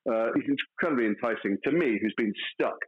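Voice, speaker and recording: A man's voice: mid-range voice, quick pace, slightly rough, phone-quality sound. A man, an actor guest in a casual interview, telling stories playfully with mock outrage.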